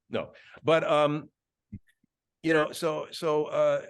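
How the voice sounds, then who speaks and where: A man's voice: fairly high pitch, level tone, slow, clean tone, dry recording. Reflective male voice actor, dry close mic. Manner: reflective, many restarts, slips in voices. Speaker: guest voice actor. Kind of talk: casual interview chat.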